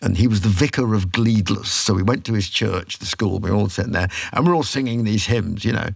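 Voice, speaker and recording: Gravelly-voiced man in his sixties. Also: fairly low pitch, brisk, dry recording, clean studio sound. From England. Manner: animated storyteller, acts out quotes. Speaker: podcast guest, rock singer. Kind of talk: casual storytelling.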